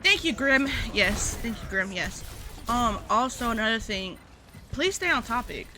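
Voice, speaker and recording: A woman's voice: on the high side, animated, measured pace. A woman streamer talking casually to her chat, rambling with lots of fillers and asides. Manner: rambling, filler-heavy, addressing chat directly.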